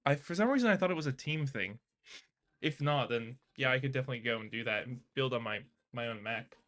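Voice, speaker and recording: A man's voice: medium pitch, fast, a bit bright. A man live streaming his coding practice, chatting casually with viewers and reading their messages aloud. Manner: chatty, laughing, talks to viewers and reads their chat aloud. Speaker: live streamer learning to code.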